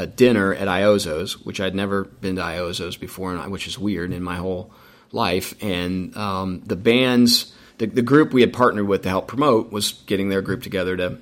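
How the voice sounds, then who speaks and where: A man's voice: sits low, fairly even intonation, normal speed. A middle-aged man, a racetrack president, telling rambling stories in a casual interview with many restarts and fillers. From Indiana, United States.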